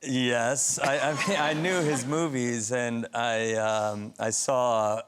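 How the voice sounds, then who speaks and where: Slow-talking guy on a chat show, laid back, laughs a lot. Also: mid-range voice, steady tone, crowd noise. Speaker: actor.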